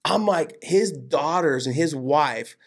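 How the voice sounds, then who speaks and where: A man telling personal stories as a podcast guest, animated and casual, swearing freely and tossing in "dude" and "man". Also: fairly high pitch, takes it slowly. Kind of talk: casual storytelling interview.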